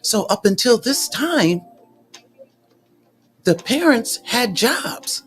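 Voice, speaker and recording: A man's voice: extremely high pitch, very animated, slow pace. A man reading out court testimony and reacting with sassy, exasperated commentary, using slang and cussing. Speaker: commentary host.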